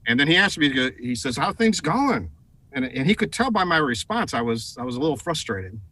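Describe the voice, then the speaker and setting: Bright-voiced, animated man. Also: mid-range voice, fast, rough recording. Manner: animated, many fillers and repeated words. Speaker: guest, advertising executive. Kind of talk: conversational interview storytelling.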